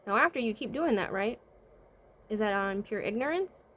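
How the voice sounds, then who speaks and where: Animated and fairly bright, her mid-range voice moves at a moderate pace over a faint hiss or hum. The woman, a vlogger and spiritual consultant, talks casually to camera with life advice, asking rhetorical questions and tossing in "right?" to check in. She hums "mm-hmm" a lot while working through her thoughts.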